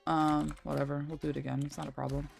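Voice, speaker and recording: A woman's voice: low-pitched, level tone, fast, vocal fry. A young adult woman streaming a game, chatting casually in a rambling, filler-heavy way and swearing freely. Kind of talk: casual gaming stream chat. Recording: faint game music behind. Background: faint game music.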